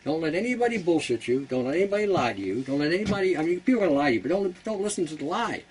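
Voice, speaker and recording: A man's voice: fairly high pitch, expressive, very fast, recorded from a distance, slight background noise, rough recording. A Canadian man hosting a casual how-to talk, blunt and rambling, who laughs at his own jokes. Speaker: host.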